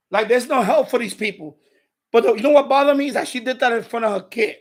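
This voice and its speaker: A man with a notably high-pitched voice tells a story on his own livestream. He talks bluntly and casually, swears freely and acts out both sides of an argument. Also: fast talker. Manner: blunt, profane, animated retelling of confrontations. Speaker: radio hobby livestream host.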